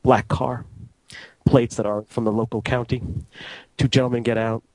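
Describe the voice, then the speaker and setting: A man working as a radio transmitter engineer, telling anecdotes in a casual, animated way and acting out the dialogue. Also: mid-range voice, moderate pace, no echo, poor audio. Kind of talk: casual storytelling.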